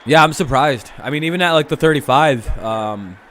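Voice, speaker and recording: A man's voice: a little high, normal speed, a bit bright, a little hiss or hum. A young man hosting a live stream, rambling and swearing in casual chat while watching a game. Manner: rambling, profane, laughs often. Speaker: streamer host.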